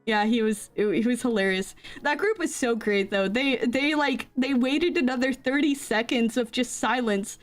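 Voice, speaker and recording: A woman's voice: a little high, normal speed, few pauses, soft background music. A young woman streamer chatting casually into a desk mic, telling rambling stories with frequent giggles. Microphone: desk microphone.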